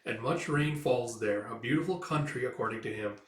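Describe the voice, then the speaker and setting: A man's voice: mid-range voice, a little fast, close to an everyday voice. A man voicing an affectionate, well-off husband who talks in a tender, courtly way. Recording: roomy echo, mic far off.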